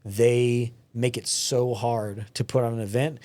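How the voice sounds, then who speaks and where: A Texan guy hosting a chat show who talks in a relaxed, mid-pitched voice and tells stories with energy. He breaks into little acted-out quotes of other people mid-sentence. It sounds like a casual podcast conversation between two guys. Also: unhurried. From West Texas. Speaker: podcast host and gym owner.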